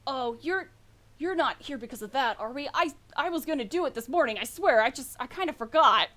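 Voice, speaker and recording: A woman's voice: high voice, lively intonation, takes it slowly, a bit bright, exaggerated voice. A woman voicing a flustered male orc farmer who stammers nervously and apologizes. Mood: sheepish.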